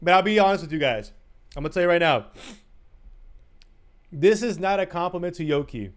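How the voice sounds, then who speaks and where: Playful streamer man, fairly high voice. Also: animated, brisk. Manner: playful and teasing, laughs a lot and breaks into sing-song. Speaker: livestreamer. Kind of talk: casual chat to a live stream audience.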